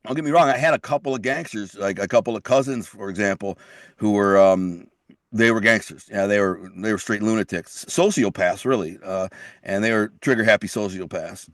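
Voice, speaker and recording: A man's voice: on the low side, fairly quick, no room sound, clean studio sound. A middle-aged man, a guest telling his life story in blunt street talk, repeating and restarting words. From Detroit. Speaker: guest, author. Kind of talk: casual storytelling interview.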